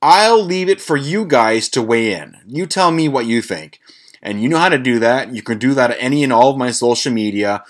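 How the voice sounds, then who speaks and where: A man's voice: medium pitch, moderate pace. A man hosting a podcast, telling a story in a casual, rambling way, with lots of swearing, fillers and restarts. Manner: animated, jokey. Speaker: podcast host.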